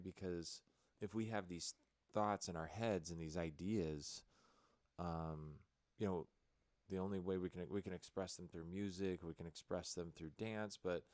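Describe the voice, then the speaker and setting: A man who is the guest, gently prompting with questions and using filler words in a casual chat. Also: low voice, no echo. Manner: coaxing, prompting questions, uses "like" and "you know". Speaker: podcast guest, teacher.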